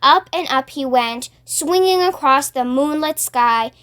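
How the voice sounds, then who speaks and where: A woman narrates a children's book aloud in a clear, expressive storytelling manner. Her voice is high and light. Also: unhurried.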